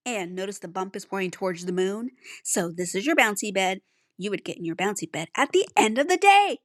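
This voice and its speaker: A woman teaching young children to write letters, patient and sounding out each letter slowly. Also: medium pitch, dry recording, clean studio sound. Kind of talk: handwriting lesson for young children.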